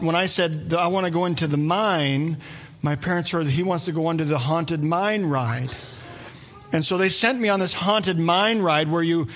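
A man in his forties, a preacher telling a story to a live audience in an animated, conversational way with self-deprecating humor. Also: a little high.

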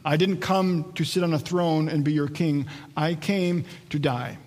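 A man's voice: a little high, fairly even intonation, a little slow, darkish tone. Preaching man in a reverberant hall. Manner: expository preaching, acts out quoted voices. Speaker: pastor. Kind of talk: sermon.

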